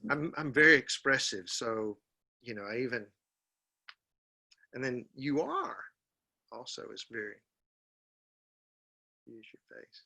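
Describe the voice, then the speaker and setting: A man giving a seminar to teachers, drilling example sentences in a slow, repetitive way. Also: medium pitch, big pitch swings, gravelly, pushed and bright. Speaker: teacher trainer. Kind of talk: seminar lecture.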